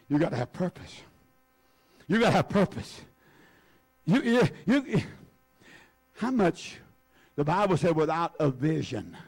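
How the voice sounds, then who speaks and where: High-voiced fervent preacher man. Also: breathy edge. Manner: fervent preaching, repeating words for emphasis; calls on the congregation by name. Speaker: pastor. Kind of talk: sermon.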